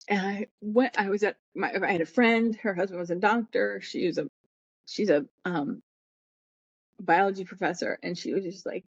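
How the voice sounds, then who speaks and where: A woman's voice: mid-range voice, moderate pace, slightly rough. A middle-aged woman tells a personal story in a rambling, heartfelt way, slipping into the voices of the people she quotes. Her voice comes through a dull, muffled line with no room echo. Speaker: podcast guest.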